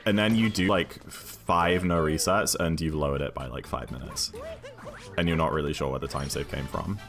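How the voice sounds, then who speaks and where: A man's voice: a bass voice, moderate pace, fairly bright tone, faint music behind. A British man streaming a video game, chatting casually and thinking aloud while answering viewers' questions. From United Kingdom.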